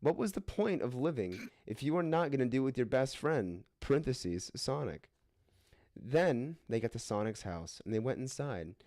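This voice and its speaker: A man's voice: medium pitch, big pitch swings, moderate pace, darkish tone, no room sound, clean studio sound. A man reading an absurd fan fiction aloud for laughs, hamming up the quoted lines and often cracking up. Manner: hammy voices for quoted lines, breaks into laughter. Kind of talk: comedic dramatic reading.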